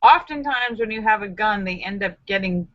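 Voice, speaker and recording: A woman's voice: mid-range voice, animated, normal speed, dull audio. A woman hosting a casual live stream, chatting with viewers in a sassy, joking, self-mocking way.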